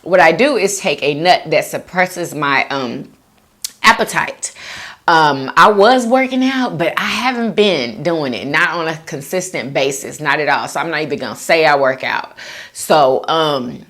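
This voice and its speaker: A woman hosting a mukbang video, chatting casually to viewers while eating and reading their comments aloud. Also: measured pace. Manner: laid-back with lively swoops of pitch. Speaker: mukbang vlogger.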